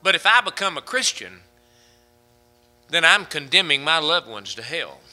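Fervent, animated man preaching a sermon. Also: on the high side, normal speed. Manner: preachy, rising to fervent shouting peaks. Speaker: pastor.

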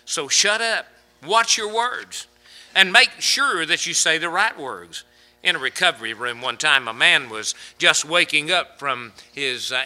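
Bright-voiced high preaching man. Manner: dynamic preaching, swinging from loud emphasis to hushed asides. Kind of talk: sermon with humorous anecdotes.

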